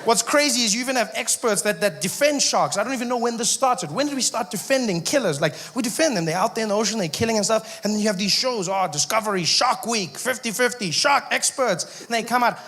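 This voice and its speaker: A male stand-up comedian performs on stage through a handheld mic, in a wry voice that breaks off and restarts with asides. His voice is high for a man. A long reverb fills the hall, and faint ambience sits underneath. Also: quick pace, fairly bright tone, slight background noise. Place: comedy stage in a large venue.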